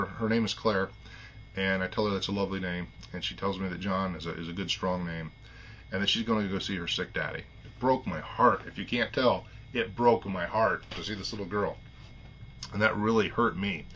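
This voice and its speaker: Man, middle-aged, low voice, bright forceful tone, earnest rambling talk, choked up, slightly dull recording with faint noise. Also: steady tone, fairly quick. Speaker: vlogger. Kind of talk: casual heartfelt monologue to camera.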